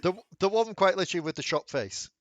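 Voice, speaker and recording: A man's voice: high voice, expressive, fast, no room sound, muffled recording. A man narrating as dungeon master of a tabletop game, laughing easily and slipping into asides for the characters.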